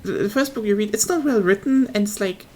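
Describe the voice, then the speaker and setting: A woman's voice: medium pitch, brisk, a little mellow. A woman streamer, not a native English speaker, chatting casually on a livestream in a rambling, swearing, self-mocking way.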